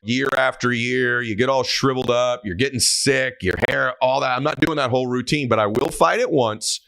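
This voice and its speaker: A man doing his deep-voiced dying father. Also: moderate pace, fairly bright tone, no echo, studio quality, close to an everyday voice. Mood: resolute. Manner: plain, earnest, fatherly. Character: older father facing cancer, deep-voiced and steady.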